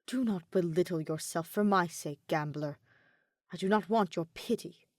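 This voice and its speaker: A stern, proud male doctor who speaks in formal, clipped sentences, as a woman reader lowers her voice for him. He stays dismissive and curt in a fan audio story, recorded dry and close. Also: normal speed, no room sound, lightly acted.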